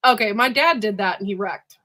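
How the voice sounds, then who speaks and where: Lady hosting a chill stream, asks quick curious questions. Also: medium pitch, bright, forceful tone. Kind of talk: casual chat.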